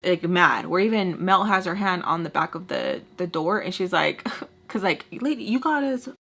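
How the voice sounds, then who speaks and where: Animated young woman telling a story. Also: on the low side, normal speed, creaky. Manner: animated, acts out quotes, talks to viewers. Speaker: storytime vlogger. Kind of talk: casual storytelling.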